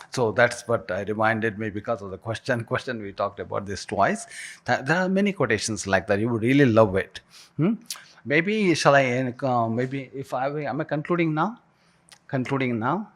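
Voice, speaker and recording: Man, mid-pitched voice, keynote speaker who leads the room in call-and-response, halting, restart-heavy delivery. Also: sing-song, a bit bright. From India. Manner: leads the audience in repeating phrases, with frequent restarts. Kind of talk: inspirational talk to a live audience. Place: university event hall.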